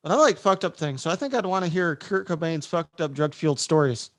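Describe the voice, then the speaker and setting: A man co-hosts a relaxed podcast, breaking in with crude jokes and sarcastic asides. His voice sits a little above the usual male pitch. It is recorded close and dry, with no room sound. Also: fairly quick, dry recording. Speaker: podcast co-host. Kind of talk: casual podcast banter.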